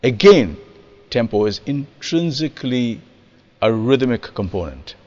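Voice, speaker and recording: A man's voice: mid-range voice, measured pace. Man, music lesson on rhythm, demonstrative, recites verse, studio, dull lo-fi sound, lingering reverb. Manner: lively, demonstrative, acts out examples and recites verse. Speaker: percussionist explaining rhythm. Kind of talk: spoken music lesson to camera.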